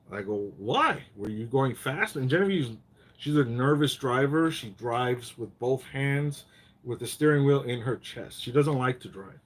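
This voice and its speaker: A man hosting a casual live chat, telling rambling stories full of profanity and getting worked up. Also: medium pitch.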